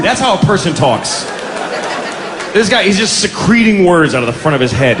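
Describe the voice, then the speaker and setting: A stand-up comedian in his forties rants in an exasperated, profane way. His voice sits high and swings wildly in pitch. The live club recording carries loud audience laughter and noise. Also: sing-song, brisk, a crowd in the background. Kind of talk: stand-up routine.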